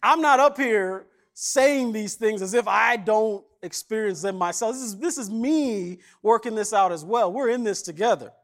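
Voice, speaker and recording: A man's voice: sits high, normal speed, hardly any pauses, a bit bright. A man preaching a sermon as pastor, retelling a parable in a casual conversational way and acting out the characters' lines. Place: church.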